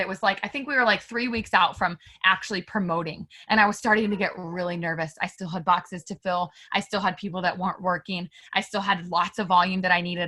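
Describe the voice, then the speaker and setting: A woman guest on an interview, telling a personal story in a candid, animated way and talking straight to her listeners. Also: lowish voice. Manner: animated and emphatic, filler-heavy; candid, addresses listeners directly.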